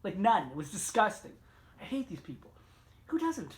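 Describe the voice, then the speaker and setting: A middle-aged man vlogging a casual, rambling story, swearing often, with sudden jumps in pitch and loudness. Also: very animated, normal speed.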